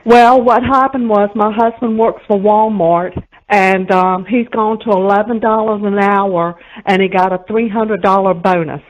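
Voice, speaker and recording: A woman with a high Virginia accent calls in to a radio show and gives plain, simple answers. A faint noise runs behind her voice. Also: fairly even intonation, a little slow, poor audio. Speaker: radio caller. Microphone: phone.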